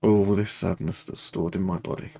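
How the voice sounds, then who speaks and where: A man leading a guided tapping meditation, speaking slow, repetitive first-person affirmations. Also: low voice, fairly even intonation, gravelly, dark tone, slight background noise.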